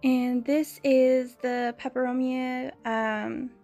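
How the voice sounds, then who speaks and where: Chatty giggly woman, fairly high voice. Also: level tone, takes it slowly, warm tone, soft background music. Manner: chatty and giggly, frequent small laughs. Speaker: plant vlogger. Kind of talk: casual DIY vlog narration.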